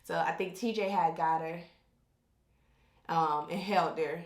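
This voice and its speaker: A woman's voice: on the low side, steady tone, a little slow. Rambling, candid woman, roomy echo. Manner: rambling, self-interrupting, candid. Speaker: vlogger telling her birth story. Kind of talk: casual storytelling.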